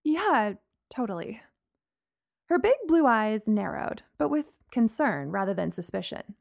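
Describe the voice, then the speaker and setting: A woman narrating a first-person story in an expressive, animated way. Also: medium pitch, moderate pace, gravelly.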